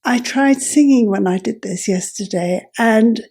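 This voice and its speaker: Woman vlogger, unhurried delivery, very gravelly and husky voice that drops into whispers, pitched a little high. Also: darkish tone. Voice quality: croaky, gravelly, with breathy whispered breaks. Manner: slow, halting, self-correcting. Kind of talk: explaining while adjusting a device.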